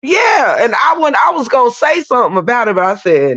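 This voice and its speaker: A woman's voice: on the high side, big pitch swings, brisk, a bit bright, shouting, dull audio. A woman hosting a live stream, ranting bluntly and profanely in casual talk. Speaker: livestream host.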